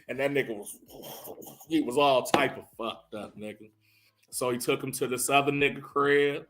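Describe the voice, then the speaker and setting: Profane, animated comedic storyteller man. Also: on the high side. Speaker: comedic movie recapper. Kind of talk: casual comedic movie recap.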